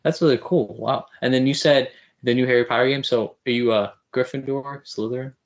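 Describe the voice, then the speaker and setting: A man's voice: mid-range voice, fairly even intonation, a little fast, lo-fi sound. Podcast host guy, jokey, lots of likes and restarts. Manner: teasing, loose with repeated "like". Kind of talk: casual interview chat.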